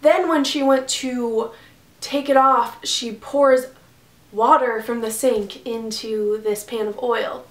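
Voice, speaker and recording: A woman's voice: a little high, steady tone, slow, reverberant. Exasperated, profane young woman vlogger. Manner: profane, exasperated retelling with acted quotes. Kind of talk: casual storytime.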